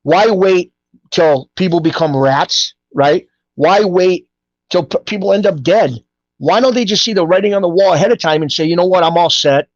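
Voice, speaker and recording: A middle-aged New man talks as a guest in a loose, rambling way, animated and full of street-style grammar. His voice sits a bit high for a man. The audio is dull, lo-fi and dry. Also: normal speed, no room sound. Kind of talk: casual storytelling interview.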